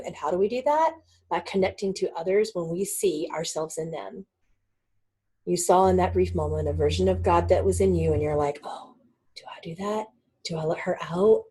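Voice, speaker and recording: Woman, spiritual teacher, mellow breathy voice, animated storytelling. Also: on the low side. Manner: animated, laughs often, acts out voices in stories. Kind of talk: casual spiritual teaching talk.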